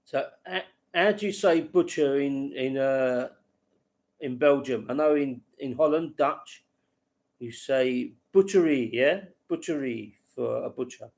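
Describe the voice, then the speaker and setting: A man's voice: mid-range voice, slow, darkish tone. A man hosting a casual late-night livestream, rambling to viewers by name and laughing at his own stories. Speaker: livestream host.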